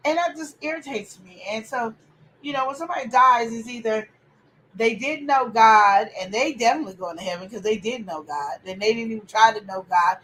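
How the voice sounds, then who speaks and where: Animated opinionated woman, casual chat. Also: fairly high pitch, fairly quick, a little hiss or hum, rough recording. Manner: animated, opinionated, preachy outbursts. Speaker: podcast host.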